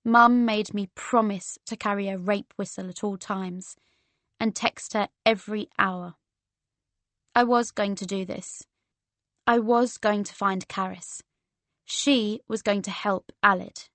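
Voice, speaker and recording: A woman narrating a romance audiobook in the first person, in a measured storytelling manner. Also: mid-range voice, steady tone, fairly bright tone, no echo.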